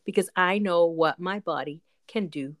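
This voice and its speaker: A woman's voice: on the low side, normal speed. A woman hosting a casual podcast chat, encouraging and chatty, with many fillers. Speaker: podcast host.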